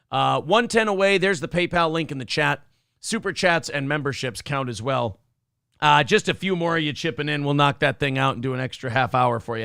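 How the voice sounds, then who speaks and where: A man's voice: on the high side, a bit bright, smooth, dry recording, studio quality. A man co-hosting a casual livestream show, joking crudely and reading viewer comments aloud. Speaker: co-host.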